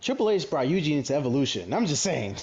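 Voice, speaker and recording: Fast-talking ranting man. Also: a little high, big pitch swings, a little mellow, muffled recording. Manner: ranting, exasperated. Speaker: podcast co-host. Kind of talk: casual wrestling chat.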